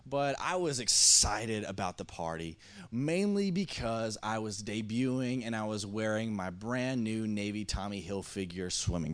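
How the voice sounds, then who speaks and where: A man in his thirties from Missouri, preaching a sermon to a congregation as a lively storyteller who stumbles and restarts often. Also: on the low side. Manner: animated, acting out dialogue, many restarts. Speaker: pastor. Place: church service before a congregation.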